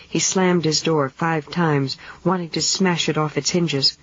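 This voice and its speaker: A narrator reads a novel in a steady, measured way at a middling pitch. The recording is dull and lo-fi, like an old 1970s audiobook tape.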